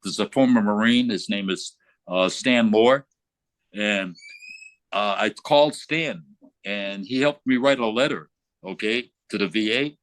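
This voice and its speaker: Older man, veteran, low-ish voice, blunt, swears a lot, casual storytelling. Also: a little slow, no echo. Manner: blunt, profane, animated when retelling. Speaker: veteran interviewee. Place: remote call from abroad.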